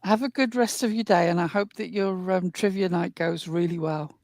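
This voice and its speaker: A woman's voice: on the low side, steady tone, moderate pace, darkish tone, dry recording. A woman from the north of England with a Northern English accent, chatting on a livestream in a wry, articulate way and laughing at herself. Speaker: show regular. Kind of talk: casual livestream chat.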